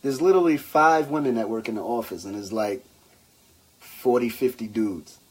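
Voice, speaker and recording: A man co-hosting a podcast in casual banter, animated and slangy, acting out the quotes in his stories. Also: medium pitch, moderate pace, slightly rough. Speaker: podcast co-host.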